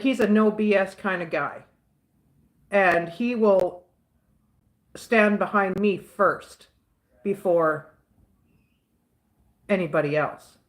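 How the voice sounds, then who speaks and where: A Southern woman hosts a casual live chat in an unhurried, drawn-out way. She is outspoken and rambles, circling back to the same point again and again. Her voice sits at a middling pitch for a woman. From Southern United States. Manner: outspoken, rambling, repeats herself. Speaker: livestream host answering chat.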